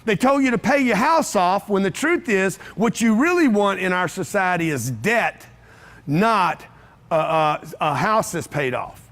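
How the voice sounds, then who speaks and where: A man's voice: high voice, lively intonation, unhurried, a bit bright. A man giving a brash, punchy motivational talk to a live audience in an event room, hammering home repeated phrases. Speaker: motivational speaker.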